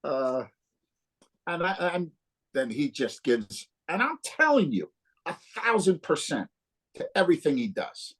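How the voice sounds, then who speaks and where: The guest guitarist, a New Jersey man in his fifties, sounds a little high and slightly rough and takes his time. Casually interviewed, he tells lively, profanity-laden stories and acts out the conversations himself.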